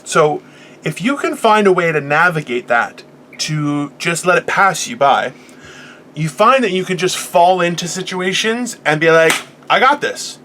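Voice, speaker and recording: Man, 40s, podcast host, comedic rant, sharp bright tone, boisterous, swearing. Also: on the high side, animated, measured pace, a little hiss or hum. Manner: profane, boisterous and laughing.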